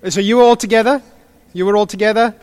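A man leading an interactive church group session as pastor, jokey and animated with quick asides. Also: high-pitched.

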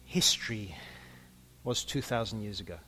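A man's voice: fairly low pitch, normal speed, bright, forceful tone, slight background noise. A man preaching a sermon in a conversational way, with humorous asides and a few stumbles.

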